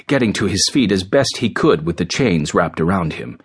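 A man narrating an audiobook in an expressive, dramatic storytelling manner. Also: sits low, normal speed, hardly any pauses, husky.

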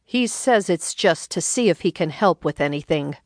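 A woman's voice: lowish voice, lively intonation, normal speed, no echo. A woman voicing a grumbling, folksy older husband who talks in a dry, laconic drawl.

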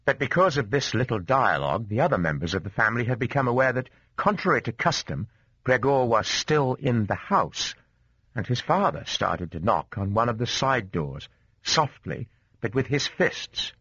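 A man narrating a classic story as an audiobook in an expressive, varied delivery. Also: mid-range voice, moderate pace, slightly rough, no room sound. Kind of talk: scripted narration. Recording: dull dry studio sound.

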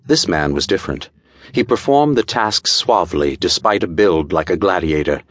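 A man narrating an audiobook in a measured, dramatic storytelling style, recorded close to a studio mic. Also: low-pitched, animated, a bit bright, no echo. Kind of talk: scripted narration.

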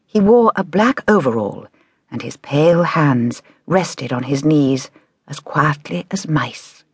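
A woman narrating a children's audiobook in a measured, expressive storytelling manner. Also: deep voice, husky, dry recording, studio quality.

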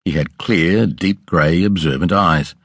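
Man, audiobook narrator, husky tone, dry close recording, measured storytelling. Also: deep voice, dry recording. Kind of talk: scripted narration. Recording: dry close studio sound.

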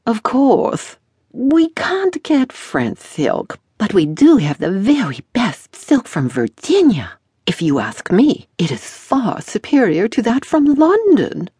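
A woman's voice: a little high, wildly swooping pitch, takes it slowly, mellow, breathy edge, dry recording, pitched above the performer's own voice, exaggerated voice. A woman voicing a fussy, flamboyant middle-aged male dressmaker in an audiobook, with a theatrical, gushing manner.

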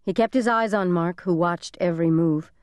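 A woman narrating a thriller audiobook in an even, measured storytelling manner. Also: on the low side, no room sound, clean studio sound.

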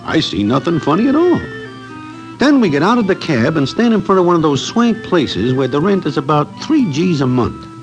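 A man's voice: on the high side, sing-song, normal speed, poor audio. An actor playing a nervous city guy who narrates in stiff formal phrasing without contractions, in a 1940s radio drama. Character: Broadway, a nervous wisecracking city guy, man. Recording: old radio recording with faint music.

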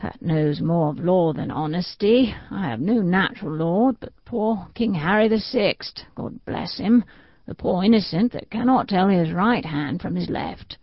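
A woman's voice: lowish voice, unhurried, dry recording. A woman voicing a blunt, complaining peasant man in an audiobook. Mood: bitter. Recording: dull, dry audiobook recording.

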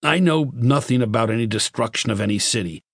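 A man's voice: mid-range voice, fairly quick, dry recording, studio quality, lightly acted. A man voicing a heavy-set businessman who talks in a blustering, defensive way. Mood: indignant.

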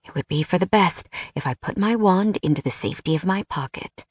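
Haughty royal brother, woman narrator doing him, slow sneering lines, low voice. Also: animated, breathy edge, dry recording, clean studio sound. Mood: cold. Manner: sneering, impatient. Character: tall sneering man, emperor's brother.

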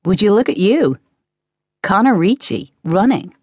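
A woman's voice: mid-range voice, very animated, measured pace, a little mellow, dry recording, studio quality. A woman voicing a reserved young woman back home, answering in short, guarded replies.

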